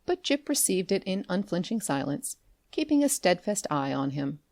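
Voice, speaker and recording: A woman reads a classic tale aloud in an expressive, animated storytelling voice. Her voice sits on the low side, and the recording is close and dry. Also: moderate pace, vocal fry, no room sound. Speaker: audiobook narrator. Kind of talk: scripted narration.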